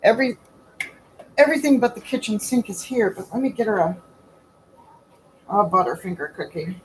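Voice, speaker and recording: A woman's voice: mid-range voice, lively intonation, normal speed, slight background noise, rough recording. Chatty woman baking at home. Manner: chatty, asks rhetorical questions, calls viewers honey and sweetie. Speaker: home baker and host. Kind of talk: chatty live baking demo.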